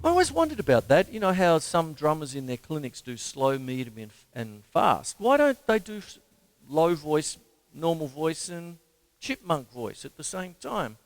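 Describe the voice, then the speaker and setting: A man with an Australian accent giving a casual, jokey drum lesson and counting the stickings out loud. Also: fairly high pitch, big pitch swings, normal speed, dry recording. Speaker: drum teacher. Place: home drum studio. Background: loud drum kit playing.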